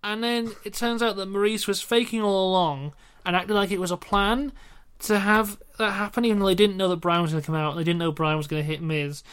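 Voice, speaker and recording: A man's voice: sits high, steady tone, brisk, fairly bright tone, clear, resonant tone. Wry man, rambling recap. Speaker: podcast co-host. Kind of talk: casual chat reviewing wrestling.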